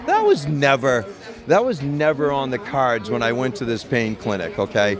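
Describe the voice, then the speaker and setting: A man's voice: mid-range voice, very animated, moderate pace, crowd noise. A middle-aged man, a medical cannabis patient and grower, telling his story in an interview in a blunt, profane, rambling way with many restarts.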